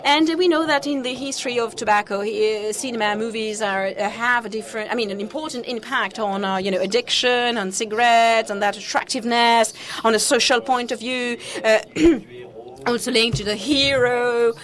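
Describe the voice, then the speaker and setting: A woman with a very high voice chairs a conference panel. She puts her questions slowly and haltingly, searching for words with frequent fillers and false starts, on a stage mic. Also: fairly even intonation, fairly bright tone. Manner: hesitant, many fillers and restarts. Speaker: panel moderator.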